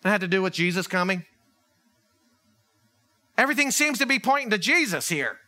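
Bright, lively male preacher. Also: high-pitched, normal speed, pauses often. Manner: animated, conversational preaching with acted dialogue. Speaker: pastor. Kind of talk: sermon.

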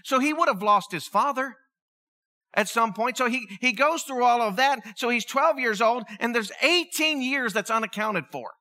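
Man, middle-aged pastor, storytelling sermon, lively and conversational, high pitch. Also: normal speed. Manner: conversational, animated storytelling with laughter.

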